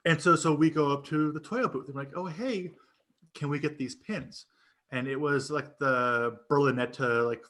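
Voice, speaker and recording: A man co-hosting a podcast, telling a story in casual chat, animated and profane, laughing often and acting out what people said. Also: mid-range voice, vocal fry. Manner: animated, laughing storyteller who swears and acts out quotes. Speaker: podcast co-host.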